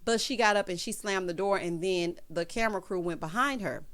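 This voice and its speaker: A woman giving a sassy, animated recap of a reality TV episode, full of slang and asides to her viewers. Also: mid-range voice, brisk. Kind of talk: casual recap commentary.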